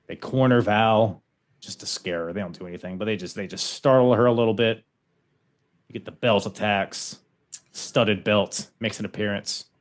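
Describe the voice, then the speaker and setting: A man's voice: fairly low pitch, moderate pace. A man hosting a podcast, recapping events in a loose, casual chat and laughing often. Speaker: podcast host.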